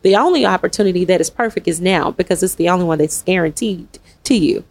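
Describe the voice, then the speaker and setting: A woman hosting a candid online panel talk, speaking earnestly and with animation, with quick asides and laughs, over a video call. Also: lowish voice, a little mellow. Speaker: host and summit founder.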